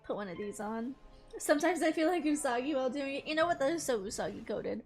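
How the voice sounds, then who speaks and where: Chatty young woman streamer, high voice, squeals and laughs a lot, faint music under it. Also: animated, fast talker. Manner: chatty and rambling, bursts into loud squeals and laughter. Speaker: gaming streamer. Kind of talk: casual gameplay commentary. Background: game music.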